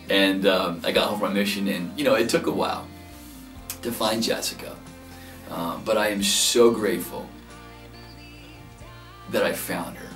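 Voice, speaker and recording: A man in his thirties earnestly telling how he proposed, getting animated as he relives his nerves. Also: lowish voice, normal speed, long pauses. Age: 30s. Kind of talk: heartfelt interview recollection. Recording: echoey room, distant mic, soft music behind.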